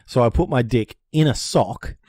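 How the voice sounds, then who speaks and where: A man's voice: mid-range voice, moderate pace, breathy edge, no room sound. Aussie guy telling a crude story on a podcast, swears a lot, mid voice, dry close sound. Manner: animated, profane storyteller who acts out panicked voices. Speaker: podcast co-host. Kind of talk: casual storytelling chat.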